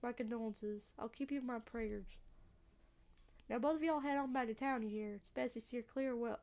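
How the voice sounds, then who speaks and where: A woman voicing a gruff old backwoods landowner in a put-on Southern drawl, grumbling and scolding. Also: on the high side, moderate pace, darkish tone, lightly acted.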